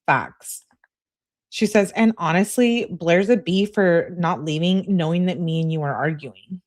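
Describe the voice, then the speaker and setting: A woman's voice: fairly low pitch, darkish tone. A woman commentating on a true crime case, reading out text messages and reacting bluntly with sarcasm and swearing.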